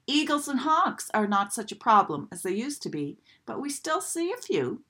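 A woman's voice: a little high, very animated, moderate pace, pushed and bright, breathy edge, full character voice. A woman voicing a wise old male duck who lectures and warns about dangers. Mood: warning. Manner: lecturing, warning.

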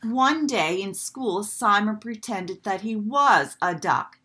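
A woman reading a children's storybook aloud in a gentle, expressive way. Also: medium pitch, takes it slowly, slight background noise.

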